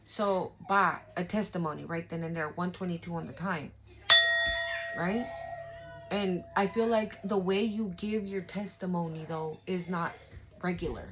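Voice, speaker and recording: A woman's voice: on the low side, steady tone, measured pace, noisy background. A young woman giving a casual spiritual tarot reading, emphatic, emotional and profane, talking straight to her viewers. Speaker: tarot reader.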